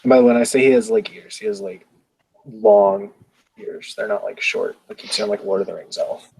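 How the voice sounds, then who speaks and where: Gravelly, husky man at a game table. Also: mid-range voice, very animated, fairly quick, darkish tone, poor audio. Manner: hesitant, self-correcting. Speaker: tabletop player. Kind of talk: narrating his character in role-play.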